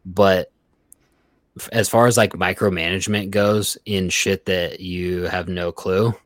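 A young man with a deep, low voice chats on a podcast, full of swearing and quick asides. He acts out what coworkers said as he tells the story. The sound is dry and close to the mic. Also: fairly even intonation, fairly bright tone, no echo. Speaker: podcast guest. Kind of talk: casual podcast chat.

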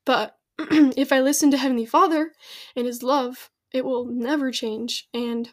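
A woman's voice: high-pitched, fairly even intonation, a little slow. A young woman in her teens, a podcast guest, earnestly telling a personal story with frequent giggles. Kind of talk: casual podcast chat.

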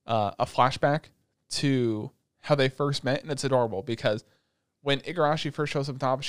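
A young man in casual chat, retelling anime episodes with lots of swearing, and slipping into quick put-on voices for the characters. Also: mid-range voice, smooth, no room sound, clean studio sound. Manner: profane, animated storytelling with quick put-on voices. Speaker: podcast co-host recapping an anime.

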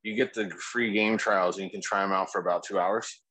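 A man's voice: low-pitched, fairly even intonation, brisk, pushed and bright, husky, no echo, poor audio. A man co-hosting a casual podcast, laid-back and rambling, swearing freely. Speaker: podcast co-host.

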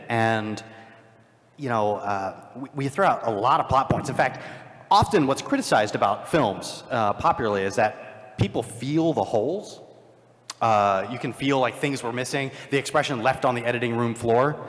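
A man on a live convention stage, recorded with long hall reverb. He talks as a working filmmaker at a middle pitch, with self-deprecating jokes running through his explanations. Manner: joking, self-deprecating storyteller. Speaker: filmmaker panelist. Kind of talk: live panel discussion.

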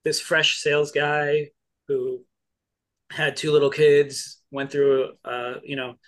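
A man hosts a podcast and asks long, rambling questions. He stops and starts often as he works his way to the point. His voice sits somewhat high for a man. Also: a bit bright. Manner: meandering, halting questions. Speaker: podcast host. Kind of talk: casual interview chat.

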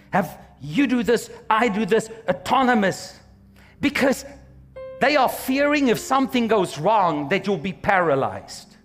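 Male pastor, high, lively sermon voice, slow and deliberate, soft music underneath. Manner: exhorting, calls for amens; animated, slips into quoted voices.

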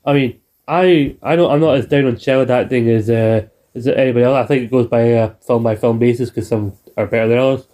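Man, relaxed dark tone, loose sweary podcast chat. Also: medium pitch, fairly quick. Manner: swears freely, rambling with restarts. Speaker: podcast co-host. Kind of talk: casual chat.

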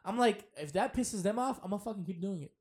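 A man chatting casually as a podcast guest, telling animated stories, swearing freely and acting out what people said. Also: high voice, quick pace. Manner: animated storyteller, swears freely, acts out quotes. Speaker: guest wrestler.

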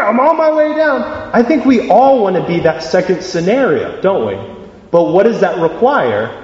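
A young man preaching a sermon, posing questions to his listeners and acting out little scenes. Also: a little high. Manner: animated, asks the audience questions, acts out voices. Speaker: youth preacher. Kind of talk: sermon with acted-out scenarios. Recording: echoey hall, slightly dull.

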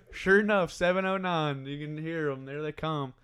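A man's voice: fairly high pitch, normal speed, a bit bright, clean tone. A young man casually telling rambling hunting stories among friends, laughing often.

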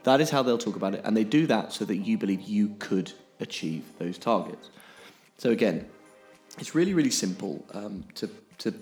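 Emphatic man, lowish voice. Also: animated, moderate pace, darkish tone, faint music behind. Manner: emphatic, keeps checking in with "okay?". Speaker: podcast co-host. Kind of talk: explanatory podcast chat.

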